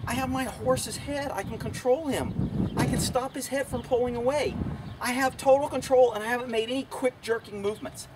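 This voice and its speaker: A man demonstrating horse handling outdoors as a trainer, blunt and folksy, talking gently to his horse between steps. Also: very high-pitched, moderate pace. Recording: distant camera audio, loud outdoor noise.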